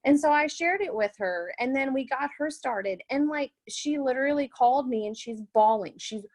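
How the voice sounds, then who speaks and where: A woman's voice: high voice, expressive, normal speed, darkish tone. A young woman, a new health coach, telling her story in an earnest, rambling way with many fillers. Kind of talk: webinar testimonial.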